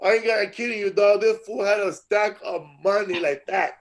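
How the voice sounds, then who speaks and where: Over a low-quality recording, a podcast host with a high-pitched voice talks fairly quickly, swearing and using street slang as he casually tells stories and acts out angry quotes.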